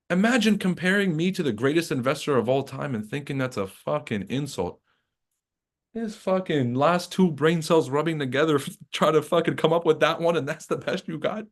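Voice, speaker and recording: Profane, rambling live-stream trading host. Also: male voice, fairly high pitch. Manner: profane, rambling, mocking, laughing at his own jokes. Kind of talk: casual live-stream rant and market commentary.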